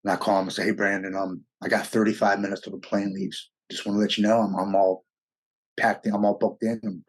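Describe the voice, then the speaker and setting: A man's voice: fairly low pitch, little pitch movement, fairly quick, breathy edge. A middle-aged American man telling his personal story as an interview guest, blunt, raw and profane. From United States.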